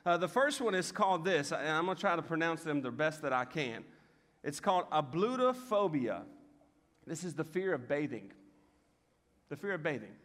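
A man preaching a humorous sermon to a church audience, telling funny stories in a joking, animated way. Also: a little high, normal speed. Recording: hall reverb.

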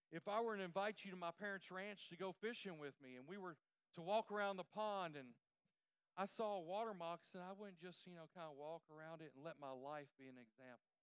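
A man preaching a sermon through folksy, emphatic, animated stories. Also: high-pitched, smooth, dry recording. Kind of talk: storytelling sermon.

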